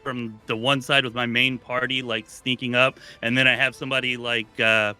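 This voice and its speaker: A man hosting a casual gaming podcast, talking in a relaxed, rambling way with many fillers and restarts. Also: mid-range voice, moderate pace, clean tone, faint music behind. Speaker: podcast host.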